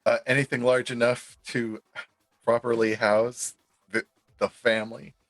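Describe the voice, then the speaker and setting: A man playing in a casual tabletop game, excitable and laughing easily. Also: mid-range voice, unhurried, no room sound, faint music behind. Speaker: player.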